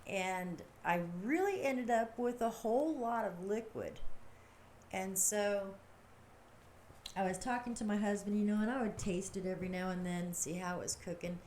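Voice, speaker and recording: A middle-aged woman runs a livestream, chatting in a loose, rambling manner and laughing often. Her mid-range voice is a little mellow and moves at a normal speed, with a bit of hiss or hum present.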